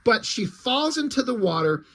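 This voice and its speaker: High-voiced blunt man reviewing comics. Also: very animated, moderate pace, fairly bright tone. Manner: blunt, opinionated, swears freely; rambling, with frequent ums and trailing asides. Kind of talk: casual review talk.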